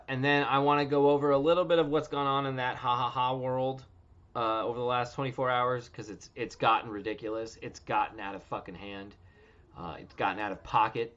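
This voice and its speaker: Broadcasting from home, a livestream host in his thirties keeps things loose, jokey and profane. He speaks in a mid-range, slightly bright voice, and the stream audio is dull and lo-fi.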